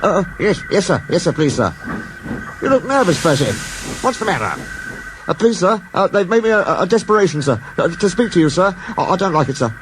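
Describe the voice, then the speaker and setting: A man voicing a small, timid young tank engine that squeaks and stammers nervously. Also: fast, few pauses, noisy background, close to an everyday voice. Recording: music underneath.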